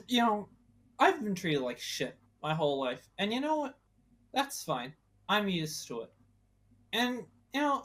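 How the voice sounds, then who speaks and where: A bitter, volatile female monster confronts her companion, swearing heavily, as a tabletop player voices her. The voice is mid-pitched and close to the player's own. It is in-character tabletop role-play.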